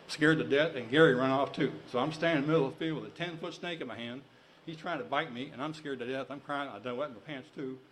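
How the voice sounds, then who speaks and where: A man's voice: mid-range voice, slight background noise, poor audio. Folksy man spinning a tall tale. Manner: folksy, drawling, building to excited shouts. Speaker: storyteller. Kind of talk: tall-tale storytelling to an audience.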